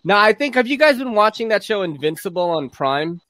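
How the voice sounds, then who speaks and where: A man hosting a loose chat over a video call, excitable and quick to swear and laugh. His voice sits a little high and swings widely in pitch. The sound is dry and close. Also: dry recording.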